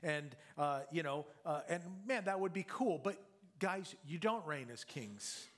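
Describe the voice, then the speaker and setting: A man preaching a sermon in a conversational, emphatic way, rising loud on key words and dropping low and quiet to drive points home. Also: lively intonation, measured pace. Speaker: pastor.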